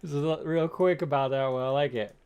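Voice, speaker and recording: A man co-hosting a podcast in casual chat, chiming in with quick jokes and frequent laughter. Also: mid-range voice, a little mellow, clean tone, lo-fi sound. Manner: jokey, quick reactions, laughs often. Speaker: podcast co-host.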